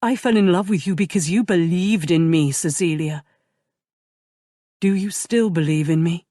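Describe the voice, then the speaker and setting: A woman voicing a tender, remorseful young nobleman in love, speaking softly and earnestly. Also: fairly low pitch, normal speed, no echo, clean studio sound, close to an everyday voice. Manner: soft, earnest and intimate.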